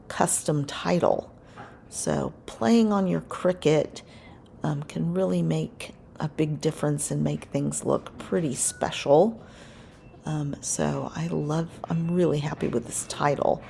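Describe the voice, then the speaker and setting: A woman's voice: low-pitched, a little slow, vocal fry, a little hiss or hum. A woman narrating her scrapbook crafting in a casual voice-over, rambling and correcting herself as she goes. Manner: rambling, self-correcting, relaxed.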